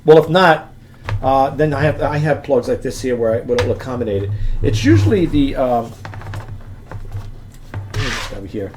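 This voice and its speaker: A man's voice: medium pitch, animated, moderate pace, long pauses, darkish tone, slight background noise. A man casually showing an item to the camera for his online selling channel, rambling and often restarting sentences while he handles the item, sometimes turning away from the mic. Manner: rambling, chatty, often restarts sentences and addresses viewers as folks and guys. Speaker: eBay seller vlogger. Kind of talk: casual product demo to camera.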